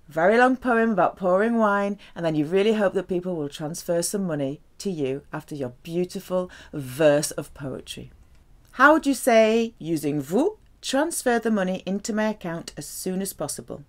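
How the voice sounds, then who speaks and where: A woman teaching French, carefully saying each example and explaining its meaning. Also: mid-range voice. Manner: slow, careful, lively delivery with drawn-out French examples. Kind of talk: language lesson.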